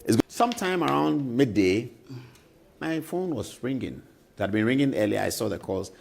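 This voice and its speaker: Man, Ghanaian accent, middle-aged, husky voice, swooping lively pitch, emphatic talk-show storytelling. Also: moderate pace. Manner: emphatic, repeats names for effect. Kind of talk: animated storytelling commentary.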